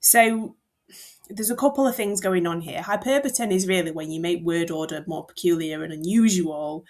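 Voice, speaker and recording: A woman's voice: lowish voice, moderate pace, a little mellow. A young woman teacher explaining a poem in a chatty, informal way, with asides. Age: young adult. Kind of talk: classroom-style explanation.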